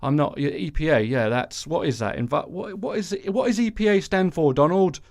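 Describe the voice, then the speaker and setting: A man's voice: on the high side, lively intonation, fairly quick, vocal fry, darkish tone. A man putting on the voice of a bewildered male government official who whines and swears as he realises his mistake. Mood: confused.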